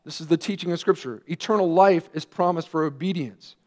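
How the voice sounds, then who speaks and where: A man, a pastor, preaching a sermon earnestly, with emphatic rising questions and quieter asides. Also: a little high, a little fast.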